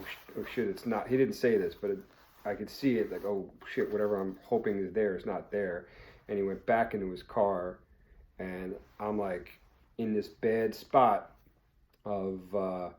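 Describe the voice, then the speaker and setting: A man's voice: lowish voice, dark tone. A man who runs a firearms training channel, telling a story in a blunt, conversational way and swearing freely. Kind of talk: casual vlog storytelling.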